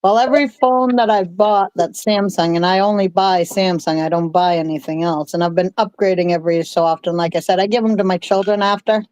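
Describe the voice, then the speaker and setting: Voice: mid-range voice, steady tone, a little fast, hardly any pauses, darkish tone, no echo. An easygoing co-host chatting casually on a livestream, agreeable and talkative.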